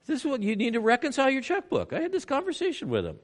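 A man preaching a sermon, animated, acting out little scenes in quoted voices. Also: very fast. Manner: animated preaching with swings in pitch and loudness. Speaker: pastor.

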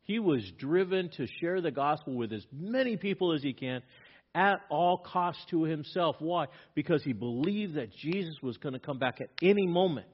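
A man's voice: fairly high pitch, lively intonation, moderate pace. A male pastor preaching a sermon, reading scripture aloud and pressing his points with emphatic rises in volume. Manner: emphatic, rising in volume when stressing points. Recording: dull lo-fi sermon recording.

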